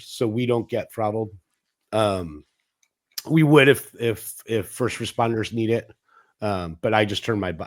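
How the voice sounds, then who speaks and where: A man speaking as a guest in a casual interview, rambling and telling stories with acted-out quotes. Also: medium pitch. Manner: rambling, anecdotal, acts out quoted dialogue; frequent restarts and fillers. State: coughing at times. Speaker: guest, 5G business internet provider.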